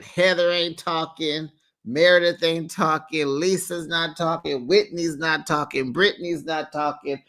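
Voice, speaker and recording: Recap host: sassy and chatty, gossipy retelling of reality TV episodes. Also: medium pitch. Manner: sassy, chatty, with frequent "honey" asides; lively, retells scenes in quoted voices. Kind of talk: casual reality show recap commentary.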